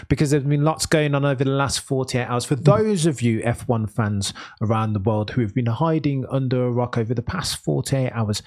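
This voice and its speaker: A man's voice: medium pitch, moderate pace, hardly any pauses, a little mellow. A man from Birmingham, England hosting a podcast, explaining a story in earnest, casual commentary. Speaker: podcast host.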